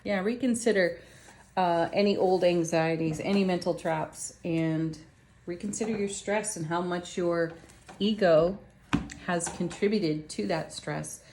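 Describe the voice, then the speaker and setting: A woman gives a casual tarot reading in a fairly low voice, chatty and upbeat. She talks straight to her viewers, and a faint hiss with small clicks sits behind her. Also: measured pace, a little mellow. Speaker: tarot reader.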